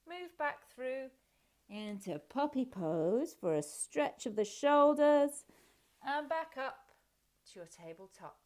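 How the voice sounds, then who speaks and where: A woman's voice: high voice, very animated, slow pace, darkish tone. A woman guiding a children's yoga and movement class, encouraging and playful as she talks the class through each pose. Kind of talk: guided class instruction.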